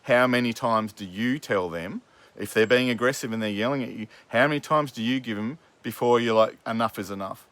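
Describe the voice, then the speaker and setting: A man's voice: medium pitch, a little fast, fairly bright tone, no room sound. A man hosting a podcast who argues angrily with his father, swearing often and talking over him. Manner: angry and swearing, talking over the other speaker. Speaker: podcast host. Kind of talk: heated family argument.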